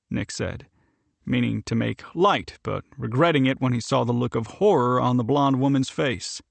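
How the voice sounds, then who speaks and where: Gravelly male audiobook narrator. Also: medium pitch, dry recording. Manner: even, measured storytelling. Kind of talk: scripted narration.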